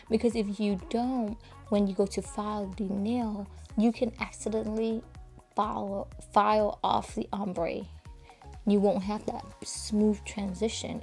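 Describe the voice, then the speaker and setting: A woman talks viewers through a nail-art tutorial in a chatty, informal way, her voice mellow and warm. She keeps it fairly hushed at times, with faint music playing underneath. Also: mid-range voice. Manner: soft, hushed and breathy at times, keeping quiet for a sleeping child. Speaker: nail educator.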